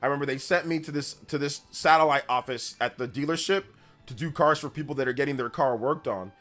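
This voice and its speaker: A man's voice: mid-range voice, fast talker, soft background music. A man hosting a casual gaming livestream, telling rambling stories in slangy talk full of "bro" and "like". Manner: rambling storyteller, slangy, says "bro" and "like" often; grows loud and animated when telling a story. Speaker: gaming news streamer.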